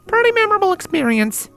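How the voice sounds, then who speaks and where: A man's voice: very high-pitched, vocal fry, pushed and bright, voice pushed up, full character voice. A man reading a fanfiction aloud, voicing a teasing, spunky farm girl with a put-on drawl.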